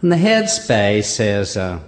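Northern irish guy doing a funny poem, slow and lively up and down, big hall echo. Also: lowish voice. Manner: dry storytelling with asides. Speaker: comic poem reciter. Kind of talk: comic verse recitation.

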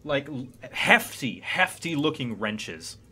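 A man's voice: mid-range voice, big pitch swings, slow, pushed and bright, husky. A man narrating as game master in a loose, rambling way.

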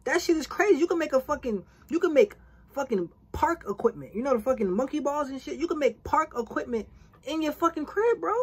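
A reaction-video host with a deeply husky, breathy voice pitched a bit high for a woman. Her delivery swings up and down a lot as she jokes, swears and slips into playacted exchanges in casual street slang. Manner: profane, joking roast with street slang; acts out imagined dialogue.

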